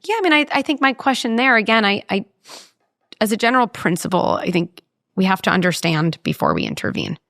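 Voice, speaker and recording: Animated woman with a gravelly edge. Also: medium pitch, a little fast, no echo, studio quality. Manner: animated, explains with vivid examples and acted quotes. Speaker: parenting psychologist guest. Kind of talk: conversational interview.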